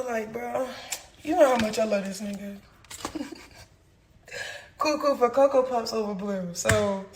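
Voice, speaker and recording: A young woman with a high voice tears through a heated, swear-filled story. She acts out what others said as she goes, recorded in an echoey room with a faint hiss behind her. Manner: profane, rapid, animated, acts out quotes. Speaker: reality star telling her side.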